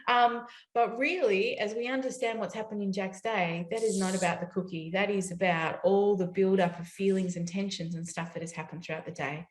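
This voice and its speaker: Woman, parenting speaker, animated storyteller, echoey room. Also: mid-range voice, fairly quick, hardly any pauses. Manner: lively storytelling, acts out quoted voices. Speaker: parenting educator. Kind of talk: summit talk. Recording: roomy echo.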